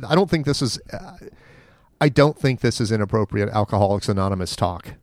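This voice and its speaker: A man's voice: fairly low pitch, expressive, fairly quick, a little mellow, no room sound, clean studio sound. A man co-hosting a casual comedy podcast, telling a rambling story and acting out the people in it. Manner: rambling storyteller, acts out the people in his stories. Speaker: podcast co-host.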